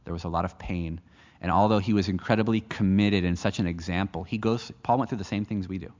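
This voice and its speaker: A man's voice: low voice, fairly even intonation, fast talker, a little mellow. A man from the United States preaching a sermon, telling a personal story in an earnest way and often restarting his phrases. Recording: echoey hall, dull lo-fi sound.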